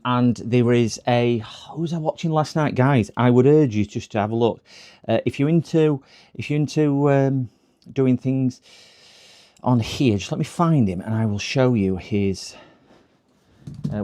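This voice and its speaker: A man talks through a live stream from his repair workshop. His voice sits a little low, and his casual chat wanders, full of fillers and restarts. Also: mellow. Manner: rambling, chatty, many fillers.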